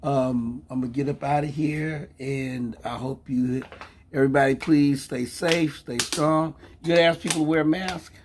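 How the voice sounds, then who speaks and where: A man's voice: medium pitch, steady tone, normal speed, background noise. An older man hosting a casual vlog, teasing and joking in a folksy, playful way with his grandson. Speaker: vlog host. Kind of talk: casual live chat with grandson.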